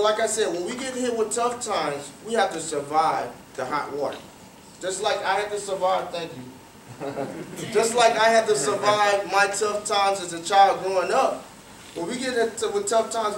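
High-voiced man giving a motivational talk. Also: normal speed, slight background noise. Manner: interactive, quizzes the audience with questions; repeats phrases for emphasis. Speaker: guest speaker at a youth cricket academy. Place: large room with an audience. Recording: roomy, distant, faint ambience.

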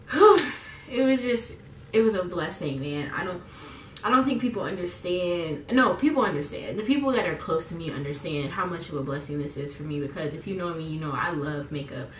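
A woman's voice: on the low side, fairly bright tone, reverberant, recorded from a distance, a little hiss or hum. A young woman chatting in a rambling, casual way full of fillers while getting ready on camera. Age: young adult. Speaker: beauty vlogger. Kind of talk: casual get-ready-with-me chat.

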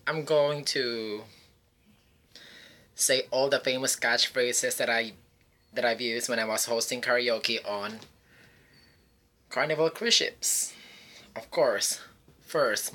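A man's voice: mid-range voice, slow pace, pauses often, pushed and bright. A man, a karaoke host, telling campy jokes in a vlog monologue. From Philippines. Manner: campy, joking, teasing. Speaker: cruise ship karaoke host.

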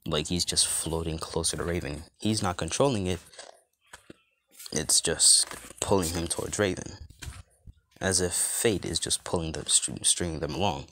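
A man's voice: sits low, normal speed, bright, forceful tone, a little hiss or hum. A man casually retelling a fan story, rambling with lots of fillers and restarts.

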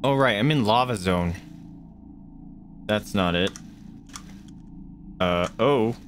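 A man's voice: on the low side, slow, slight background noise. A man streaming a video game, chatting casually and reacting aloud to what happens. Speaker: gaming streamer. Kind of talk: casual let's-play commentary. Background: faint game music.

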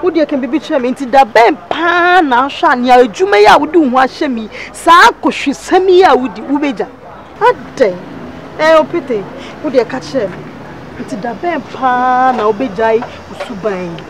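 A woman's voice: high voice, lively intonation, moderate pace, a little hiss or hum. An actress in a comedy skit playing a woman with a Ghanaian accent who scolds and nags a young man. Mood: scolding. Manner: scolding, nagging.

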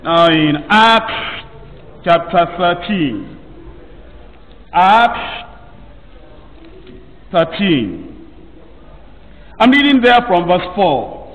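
A man with a high voice delivers a sermon at an unhurried, deliberate pace. He leans on each phrase with emphasis. The sound is dull and distant, caught from far off in an echoey hall with a long reverb tail. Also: sing-song. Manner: slow, emphatic preaching with drawn-out phrases. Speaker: pastor.

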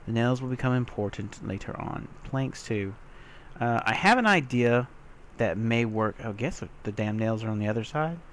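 A man casually commenting on his own gameplay as a let's play host, muttering to himself, swearing and breaking into loud excited yelps. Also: mid-range voice, normal speed, a little hiss or hum. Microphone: desktop mic with software trouble.

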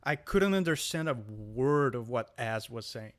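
A man's voice: medium pitch, expressive, a little slow. A man from Brazil, a native Portuguese speaker, chatting casually and animatedly as a podcast co-host. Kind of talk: casual chat.

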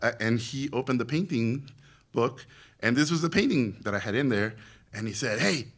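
A man in his forties with a Mexican accent, telling lively stories from his life to a room of students and acting out the voices of people he quotes. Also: mid-range voice, normal speed. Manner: animated storyteller, acts out quoted voices. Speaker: guest speaker, animation director. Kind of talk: storytelling talk to students.

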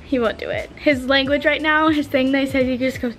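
A woman's voice: high voice, fairly even intonation, brisk, fairly bright tone, faint music behind. A young woman vlogging casually, bubbly and giggly, slipping into a sing-song voice for a baby and getting out of breath. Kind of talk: casual vlog narration.

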